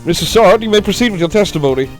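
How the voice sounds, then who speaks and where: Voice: mid-range voice, animated, racing, lightly acted, low-quality recording. A player voicing a formal, commanding elderly judge in a game playthrough. The delivery is stern, with faint music underneath.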